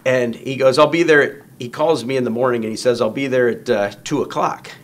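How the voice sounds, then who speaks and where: A man's voice: medium pitch, fairly even intonation, fairly quick. A man telling a long story in casual conversation, acting out quoted lines in raised voices. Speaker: guest storyteller.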